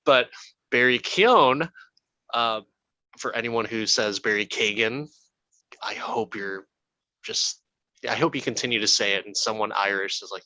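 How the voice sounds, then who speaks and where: Bright-voiced man in casual podcast banter. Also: on the low side, measured pace, no room sound, poor audio. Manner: joking, swears freely. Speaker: podcast co-host. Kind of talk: casual movie review chat.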